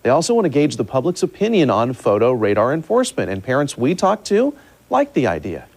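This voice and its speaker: A male news anchor reading scripted news stories in a steady, measured way. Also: mid-range voice.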